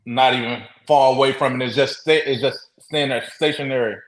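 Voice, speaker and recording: Halting man telling a story, roomy echo. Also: medium pitch, steady tone. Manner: halting, with many restarts and acted-out quotes. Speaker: interview guest. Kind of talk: casual storytelling.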